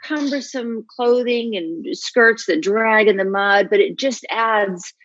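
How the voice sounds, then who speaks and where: A middle-aged American actress talking casually in an interview, animated, often laughing and trailing off into asides. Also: female voice, on the high side, takes it slowly, no echo, lo-fi sound. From United States. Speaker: actor guest.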